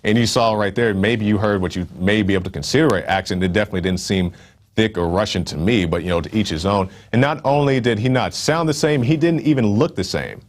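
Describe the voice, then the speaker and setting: A man with a deep voice hosts a nightly news broadcast. He reads the headlines, then breaks into casual commentary full of "you know" and "uh". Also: fast talker. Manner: conversational, fillers and asides while reading stories. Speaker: news host.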